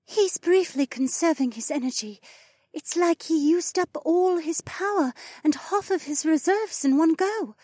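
A man voicing a calm young woman healer, explaining steadily. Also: very high voice, unhurried, no room sound, clean studio sound, voice pushed up.

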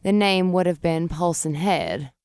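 A man's voice: sits high, unhurried, darkish tone, smooth, no echo, studio quality, pitched above the performer's own voice. A man voicing a laid-back stoned succubus.

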